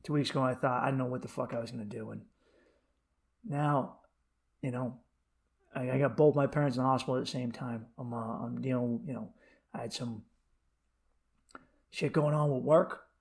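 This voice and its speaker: A man hosting his own podcast, telling rambling, profane comedic stories, then turning to a quieter earnest pep talk. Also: medium pitch, fairly even intonation, normal speed, vocal fry, pauses often. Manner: shouts in quoted asides. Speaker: podcast host. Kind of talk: casual comedic monologue.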